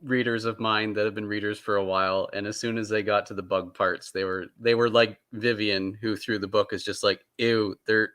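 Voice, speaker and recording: A man's voice: lowish voice, level tone, a little fast, hardly any pauses, a bit bright. A man who writes novels, talking eagerly as a guest, chuckling and restarting his words. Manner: enthusiastic, chuckling, repeats words as he starts. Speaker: author guest. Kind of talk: casual video call interview.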